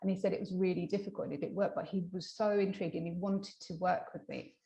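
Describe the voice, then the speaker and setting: A woman with a slightly low voice tells a story from her practice in a relaxed interview. She acts out the quoted lines with bursts of energy and often trips over her words before going on. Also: fast talker, muffled recording. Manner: animated, acts out quoted dialogue; many fillers and restarts. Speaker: hypnotherapist guest.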